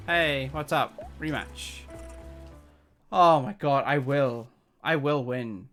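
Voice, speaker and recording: A man streaming a game live, giving excitable, competitive commentary and reading in-game dialogue aloud. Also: mid-range voice, takes it slowly, long pauses, faint music behind.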